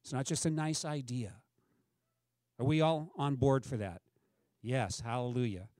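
A middle-aged pastor with a mellow, mid-range voice preaches a sermon at a measured pace. He talks conversationally and asks the congregation questions, and the recording is dry.

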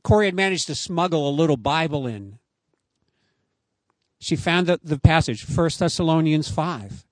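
A man's voice: fairly high pitch, animated, moderate pace, no room sound. A man preaching a sermon outdoors, earnest and emphatic as he tells a story to his listeners. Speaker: pastor.

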